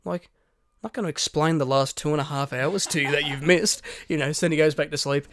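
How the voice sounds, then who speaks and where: Animated man telling a story. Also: a little high, a little fast, a little hiss or hum. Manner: animated storyteller, swears a lot, acts out quotes. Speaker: podcast co-host. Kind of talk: casual storytelling chat.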